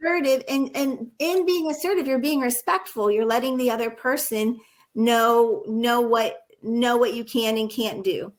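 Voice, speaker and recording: High-voiced earnest woman educator. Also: steady tone, normal speed. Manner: earnest, illustrates points with acted examples. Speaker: nursing educator and guest. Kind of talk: conversational interview, storytelling.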